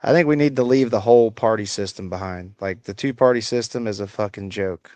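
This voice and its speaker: A man's voice: on the low side, brisk, few pauses, a little mellow, no echo. A man with a slight Appalachian country accent, hosting a casual livestream, reading chat aloud and answering with crude, sarcastic swearing.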